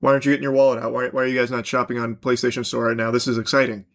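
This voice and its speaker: A man playing a smug corporate spokesman, talking sarcastically as if pitching to gamers. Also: flat delivery, very fast, a bit bright, natural voice. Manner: sarcastic, mock-salesman pitch.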